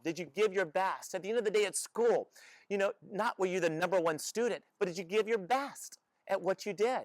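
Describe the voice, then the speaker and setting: A man's voice: sits high, no room sound. A man hosting a Christian motivational talk, speaking earnestly and exhorting with many rhetorical questions. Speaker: host.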